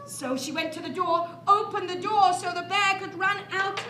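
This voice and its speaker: A woman telling an interactive story to children in a library, animated and playful, adding sound effects. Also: very high-pitched, normal speed, soft background music. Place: library room. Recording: echoey room.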